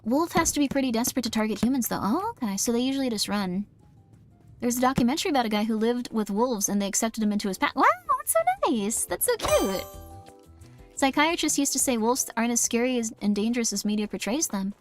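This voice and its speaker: Talking fast in a high voice, this woman game streamer keeps up a loose, self-deprecating ramble while reading chat, often jumping into quoted voices. Music plays faintly in the background.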